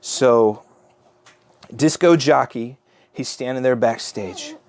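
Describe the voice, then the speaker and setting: A man's voice: mid-range voice, takes it slowly. A man, a father, telling an improvised story to his child in a chatty, rambling way with many fillers. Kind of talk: improvised bedtime-style storytelling.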